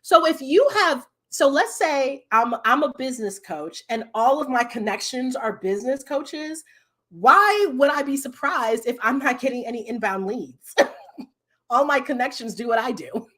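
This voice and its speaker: A woman's voice: sits high, animated, measured pace, a bit bright. A woman business coach hosting a live stream, chatting casually and animatedly with her viewers and laughing often.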